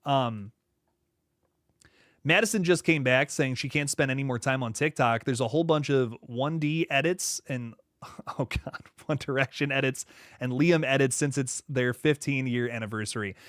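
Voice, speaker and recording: A man's voice: moderate pace, a bit bright, no echo. Young male streamer, mid-range voice, dry close mic, easygoing, laughs a lot. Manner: laid-back, laughs often, trails off into low asides. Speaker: horror channel host reading live chat. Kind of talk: casual livestream chat.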